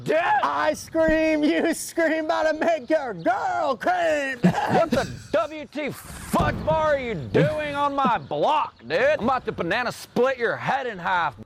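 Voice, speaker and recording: A man playing a brash rival ice cream truck man who shouts and trash-talks, in a comedy sketch clip. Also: extremely high pitch, lively intonation, slow, vocal fry, long pauses, slight background noise, full character voice. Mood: aggressive.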